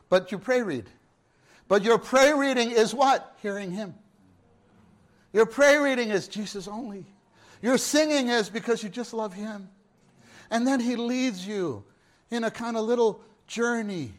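Dramatic preacher man, hushed to booming. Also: normal speed. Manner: swings from hushed murmurs to loud exclamations; repeats phrases and asks the listeners questions. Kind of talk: sermon.

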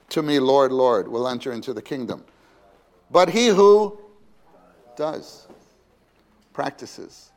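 A man's voice: mid-range voice, very animated, slow, pauses often. A man preaching a sermon in a conversational way, asking his listeners questions and acting out quoted voices.

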